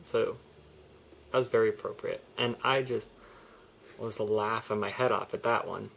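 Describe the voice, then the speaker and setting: A man's voice: on the low side, fairly even intonation, a little slow, gravelly, a bit bright, a little hiss or hum. A young man telling a personal story in a candid, rambling vlog, often restarting his sentences. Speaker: vlogger.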